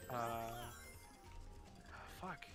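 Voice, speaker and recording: Young man, casual stream chat, excited, swears, music behind. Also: mid-range voice, extremely slow. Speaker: co-host.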